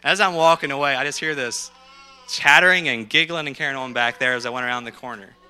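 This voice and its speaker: Bright-voiced man telling sermon stories. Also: medium pitch, fast, clear, resonant tone. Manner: lively anecdotal storyteller who acts out quotes. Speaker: missionary speaking to a congregation. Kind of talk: storytelling sermon. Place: speaking at a podium.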